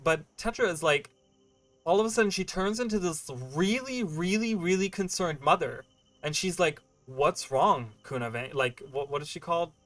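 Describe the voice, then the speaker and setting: A game streamer chats loosely and ramblingly while playing on a livestream, full of fillers and "right?" check-ins, pausing now and then to answer chat questions. His voice runs slightly high for a man, a bit bright, at a moderate pace, with faint music in the background.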